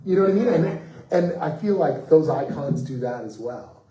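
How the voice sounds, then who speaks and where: Animated man telling panel stories, roomy. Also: a little high, moderate pace, far from the mic. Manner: animated, acts out quoted voices, laughs mid-story. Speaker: comics writer on a festival panel. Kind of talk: anecdotal storytelling on a panel. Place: festival panel room. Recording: roomy echo, voice off-mic.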